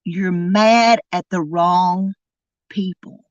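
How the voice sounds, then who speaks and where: A woman hosting a true crime podcast, delivering an indignant, emphatic monologue and drawing out key words slowly. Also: lowish voice, steady tone, no room sound, lo-fi sound. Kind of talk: angry commentary monologue.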